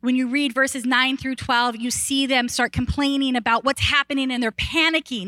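At a moderate pace with hardly any pauses, a woman pastor preaches in a lively, conversational manner, often saying "like" and restarting sentences. She rises in pitch and volume as she gets excited. The dry recording has poor audio quality.

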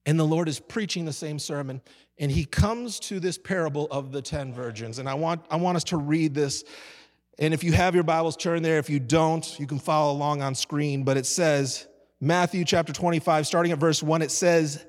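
A male pastor with a high, bright-toned voice delivers a sermon, drawing on call-and-response with his congregation. His words ring out with a long reverb tail, as in a big church hall.

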